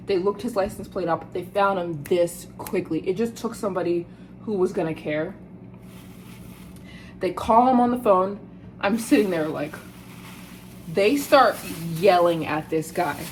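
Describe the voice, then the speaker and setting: A woman's voice: mid-range voice, normal speed, slight background noise, rough recording. Indignant American woman vlogger. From United States. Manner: animated, indignant, addresses viewers as "you guys". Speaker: travel vlogger. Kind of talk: casual storytelling to camera.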